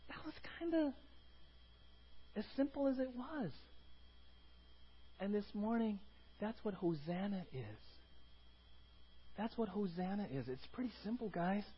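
High-voiced pastor preaching emphatically. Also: male voice, expressive, measured pace, pauses often, slightly rough, dull audio. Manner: emphatic, repeats words, rises to cries when quoting. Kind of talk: sermon.

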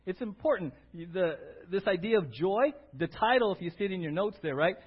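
Lively man preaching, high husky voice, dull lo-fi sermon recording. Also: brisk. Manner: animated, conversational preaching with frequent "right?". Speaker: pastor.

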